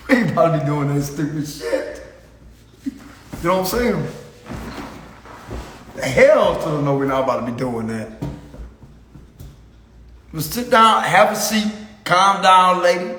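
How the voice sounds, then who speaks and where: Man, casual spiritual reader, slangy, rambling, higher voice, roomy echo. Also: lively intonation, slow pace, long pauses, bright, forceful tone. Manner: rambling, slangy, laughs often. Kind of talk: casual spoken reading.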